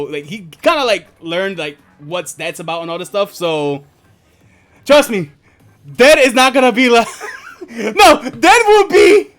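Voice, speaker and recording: Lively, profane streamer man. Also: very high-pitched. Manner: profane, laughing, lots of filler words. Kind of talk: casual storytelling chat on a live stream.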